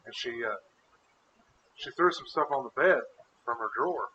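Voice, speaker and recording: A man's voice: mid-range voice, expressive, moderate pace, sharp tone, lo-fi sound, slight background noise. A man co-hosting a casual podcast who tells rambling, crude stories and laughs often. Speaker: podcast co-host. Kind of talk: casual storytelling chat.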